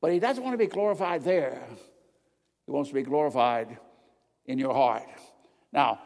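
An older man preaching a sermon with slides, emphatic and swinging between loud declarations and quiet asides. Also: mid-range voice, moderate pace. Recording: long reverb of a large hall.

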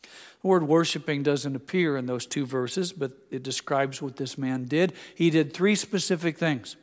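Older pastor preaching with a high voice. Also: male voice, normal speed, in a large hall. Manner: earnest, asks the congregation questions directly. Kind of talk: sermon. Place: church sanctuary.

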